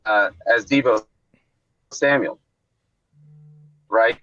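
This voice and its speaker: A man's voice: fairly low pitch, extremely slow, sharp tone, faint music behind. A man on a remote call to a sports podcast, talking casually and rambling with many restarts, over a dull lo-fi connection.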